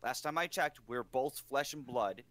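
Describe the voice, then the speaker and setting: A man co-hosting a casual podcast, animated and opinionated, fond of rhetorical questions. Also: mid-range voice, normal speed, no echo.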